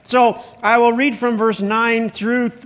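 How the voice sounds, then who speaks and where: A pastor preaching a sermon in an animated, conversational way, breaking in with exclamations as he reads and explains the text. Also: very high voice, slow.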